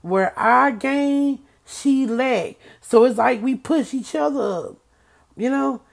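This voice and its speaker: This woman's high-pitched, slow voice carries vocal fry as she reads from a book and chats with viewers. She speaks emphatically, repeating herself and stumbling over words in moments of excitement.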